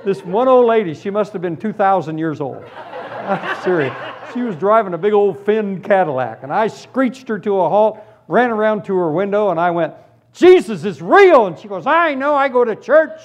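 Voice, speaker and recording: A man preaching his own testimony, his fairly high voice swinging from near-whispers to ringing shouts. He tells the story with animated energy over a faint hiss of background noise. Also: normal speed. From Florida, US. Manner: animated storytelling, drops to hushed tones then bursts into shouts. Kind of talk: testimony sermon.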